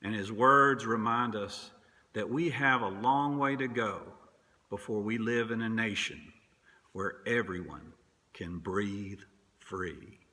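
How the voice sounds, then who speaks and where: A man who is a minister, preaching a sermon in a slow, measured way with long pauses. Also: on the low side, pushed and bright. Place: church sanctuary.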